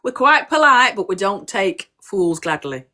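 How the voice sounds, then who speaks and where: A woman's voice: medium pitch, big pitch swings, a little slow, pushed and bright. Down to earth woman guesting on a live chat, blunt, says it straight. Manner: blunt, down-to-earth and plain-spoken. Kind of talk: casual chat. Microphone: video call on live stream.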